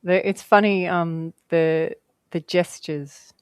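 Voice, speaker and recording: A woman's voice: on the low side, fairly even intonation, slow pace, clean tone, dry recording. A woman guest telling stories in casual conversation, chatty and rambling, laughing often.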